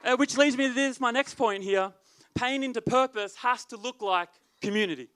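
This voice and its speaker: A man's voice: very high-pitched, moderate pace, fairly bright tone, smooth. A man preaching as youth leader, with emphatic, repetitive delivery. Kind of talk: sermon.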